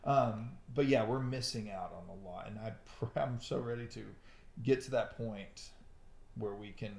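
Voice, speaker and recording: Priest guest, male, gravelly and agreeable, echoey room sound. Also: medium pitch, normal speed. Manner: gentle, agreeable, says yeah often. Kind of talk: casual conversation.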